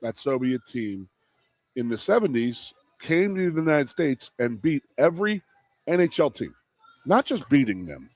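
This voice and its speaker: A man in his fifties, a radio co-host and former football player, telling rambling, animated sports stories in casual chat. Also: medium pitch, moderate pace, dry recording, faint music behind. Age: 50s. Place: live broadcast from a restaurant.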